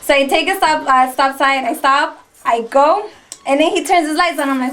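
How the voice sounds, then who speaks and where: A woman co-hosting a radio show, telling a story in a lively, casual way. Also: sits high. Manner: lively, cheering, quick to laugh. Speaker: radio co-host. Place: internet radio studio.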